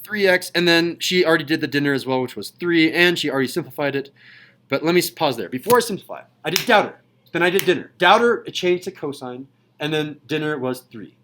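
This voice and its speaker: A young man teaching a high school math class in a classroom, playful and jokey in manner. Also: animated, fast talker, a bit bright, poor audio. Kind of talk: classroom lecture.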